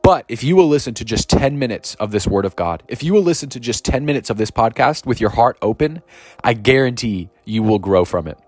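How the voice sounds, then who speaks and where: A man preaching a podcast sermon, reading scripture slowly and emphatically and exclaiming with energy. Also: medium pitch, lively intonation, a little mellow, dry recording.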